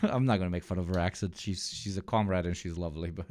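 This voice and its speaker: A man's voice: sits low, fairly even intonation, quick pace, darkish tone. A man hosting a livestream, reacting in casual, profane, rambling commentary and laughing often while wearing a cloth mask. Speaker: livestream host. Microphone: speaking through a cloth mask.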